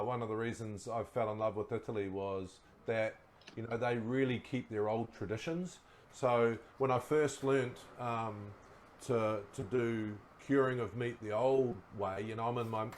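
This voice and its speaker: A middle-aged man, a guest telling relaxed stories in casual chat and laughing at his own yarns. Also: medium pitch, a little hiss or hum. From New Zealand. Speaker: guest, former rugby player.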